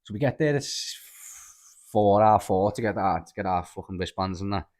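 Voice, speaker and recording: A young man with a Liverpool accent hosting a podcast, telling stories in animated, casual chat full of swearing and "lad". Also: lowish voice, a little fast. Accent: Liverpool (Scouse). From Liverpool, England. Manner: animated storyteller, swears freely, lots of "lad" and "like". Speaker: podcast host.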